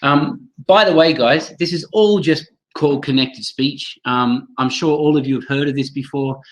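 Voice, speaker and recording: A man hosts a live webinar for teachers, talking with lively enthusiasm. He calls on attendees by name and models phrases aloud to demonstrate them. He sounds like he's speaking into a computer mic on a video call. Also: a little high, normal speed, low-quality recording. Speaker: teacher trainer hosting a webinar.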